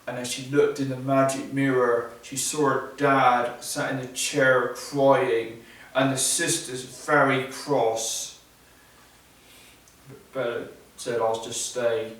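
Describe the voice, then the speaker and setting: A male storyteller narrates a fairy tale at a live event, in plain, repetitive sentences broken by pauses. He speaks very slowly, and the sound booms around a large echoey hall, caught from well away from the mic. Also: level tone, fairly bright tone, distant mic. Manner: simple, repetitive phrasing with pauses.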